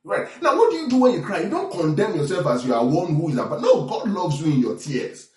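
A man preaching a sermon as pastor, animated, often checking in with the congregation. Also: fairly high pitch, brisk. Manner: animated preaching with call-and-response asides. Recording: echoey room from far off.

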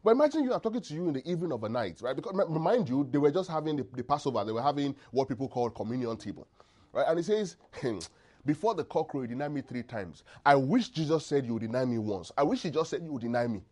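Lively call-and-response preacher, a man. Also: medium pitch, fast. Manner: call-and-response, asks congregation to finish verses; checks in often with the listeners. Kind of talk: sermon.

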